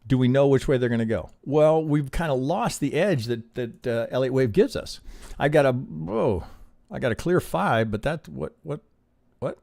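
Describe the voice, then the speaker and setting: Gravelly man talking through charts. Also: medium pitch, expressive, normal speed, darkish tone, no room sound, clean studio sound. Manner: peppers talk with rhetorical questions and "right?"; thinks aloud with restarts. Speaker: trading educator reviewing member charts. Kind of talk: live-stream chart review, casual teaching.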